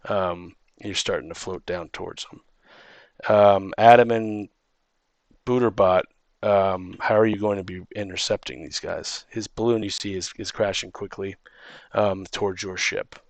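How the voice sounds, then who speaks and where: A man's voice: low-pitched, fairly even intonation, unhurried, no room sound. A man running a tabletop game as dungeon master, rambling with many restarts and ums.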